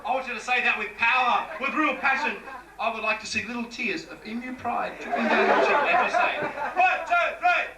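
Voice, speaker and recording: A comedian directs the audience with mock-earnest instructions, in a very high voice. He sounds far from the mic in an echoey room. A loud crowd surrounds him. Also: expressive, fairly quick, heavy background noise. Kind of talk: live comedy crowd work. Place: pub stage with an audience. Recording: echoey pub from a far camera.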